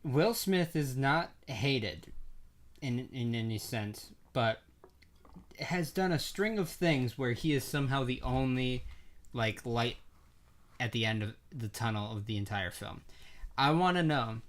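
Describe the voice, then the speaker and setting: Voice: mid-range voice, lively intonation, measured pace. Playful, giggly podcast co-host. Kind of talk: casual movie-review chat.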